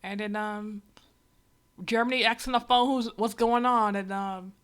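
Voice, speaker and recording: A woman's voice: medium pitch, fairly even intonation, unhurried, fairly bright tone, clean tone. A woman streamer giving a rambling, sarcastic, exasperated running commentary on a comic. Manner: rambling with many asides. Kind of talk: casual reaction commentary on a comic.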